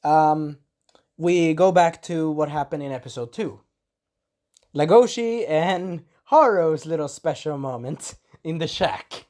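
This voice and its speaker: A man's voice: fairly high pitch, slow pace, darkish tone. A man casually recapping an anime episode as a reviewer, rambling loosely and acting out bits of dialogue. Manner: rambling, loose storytelling, acts out the quotes.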